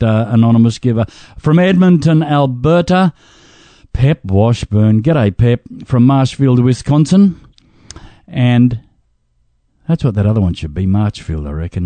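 A man's voice: medium pitch, expressive, a little slow, dark tone, no room sound. A man hosting a radio pledge drive, reading donor names in a jokey way and stumbling over the pronunciations. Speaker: radio host.

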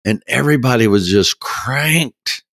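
A man telling a folksy story in a casual interview, halting with many restarts and laughing at himself. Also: medium pitch, lively intonation, gravelly, fairly bright tone, no echo, studio quality. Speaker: guest.

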